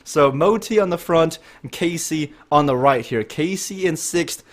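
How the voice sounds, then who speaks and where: A man giving lively, chatty live commentary on an esports race and joking with the chat. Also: on the high side, a little slow. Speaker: race commentator and stream host.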